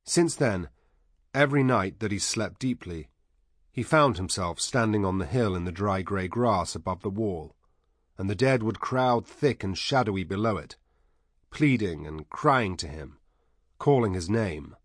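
A man reading a novel aloud as narrator, measured and even. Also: on the low side, dry recording, clean studio sound. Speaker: audiobook narrator. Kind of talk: scripted narration.

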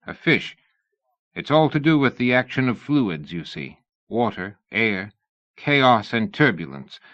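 An audiobook reader, a man, voicing a brisk, matter-of-fact male engineer in a dull lo-fi recording. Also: fairly low pitch, very animated, fairly bright tone, dry recording. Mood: earnest.

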